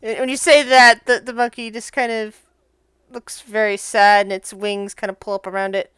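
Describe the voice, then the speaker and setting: A woman narrating as game master in a casual, halting way. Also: mid-range voice, flat delivery, a bit bright, clean tone, no echo.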